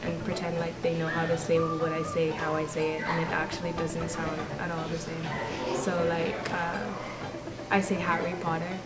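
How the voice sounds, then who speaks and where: Giggly young woman, loud music behind. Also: low-pitched, monotone, normal speed. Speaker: interviewee. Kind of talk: casual interview answers. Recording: echoey room, loud music.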